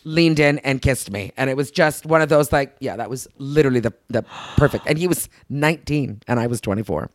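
Woman, podcast co-host, casual chat, rambling, lots of "like", excited outbursts, dry close sound. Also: rumbling low, brisk, few pauses, no echo. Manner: rambling storytelling, heavy use of "like", bursts of excited shouting.

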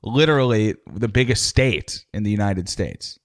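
A man's voice: on the low side, lively intonation, moderate pace. A man co-hosting a podcast, teasing his partner in a dry way and arguing the opposite side for laughs. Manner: dry, teasing, plays devil's advocate. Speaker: podcast co-host. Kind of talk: casual chat.

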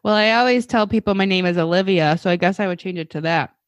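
A woman's voice: medium pitch, fast talker, no echo. Candid, chatty woman podcast co-host. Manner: candid and chatty, laughs easily. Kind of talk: casual chat.

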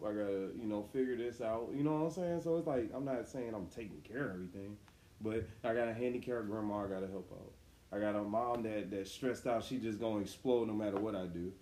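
A man's voice: on the low side, mellow, a little hiss or hum. Young man, slangy rambling talker, roomy echo around him. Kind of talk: casual group chat.

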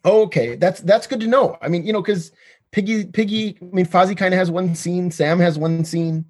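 A man's voice: high voice, moderate pace, a little mellow. A man co-hosting an interview who gushes enthusiastically about funny moments. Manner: enthusiastic, laughing, gushing. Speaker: podcast co-host. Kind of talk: casual interview chat.

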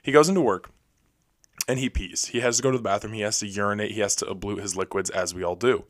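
A young man hosting a podcast alone, telling stories in a rapid, rambling, self-deprecating way. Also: fairly low pitch, dry recording, clean studio sound. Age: young adult. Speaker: podcast host. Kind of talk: casual solo storytelling. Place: recording alone.

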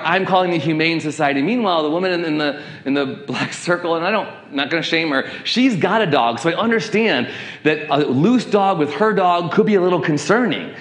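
A middle-aged man preaching a sermon, telling a personal story in an animated way and acting out the voices of people in it. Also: a little high, reverberant. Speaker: pastor. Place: church sanctuary.

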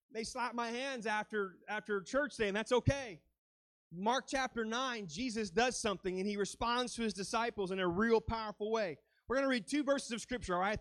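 A man's voice: high-pitched, no room sound. A man preaching a sermon as a guest speaker, fervent and dramatic, rising and falling as he acts out quoted lines.

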